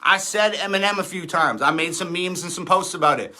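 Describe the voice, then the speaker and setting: Swearing often, an independent rapper in his thirties delivers a defiant, sarcastic livestream rant. He talks briskly in a high-pitched voice with a sharp tone.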